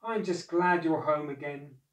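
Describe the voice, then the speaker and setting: A man's voice: fairly high pitch, unhurried, close to an everyday voice. A man reading a storybook, voicing a distraught old man who cries out, pleads and scolds. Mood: relieved. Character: distraught old man, a wizard-like master, grumpy. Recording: echoey room, far from mic.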